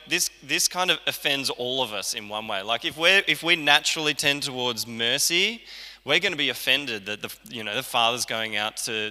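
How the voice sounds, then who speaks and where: A man's voice: medium pitch, sharp tone. A man preaching a sermon in a conversational way, acting out the lines he quotes. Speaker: pastor. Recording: church hall reverb.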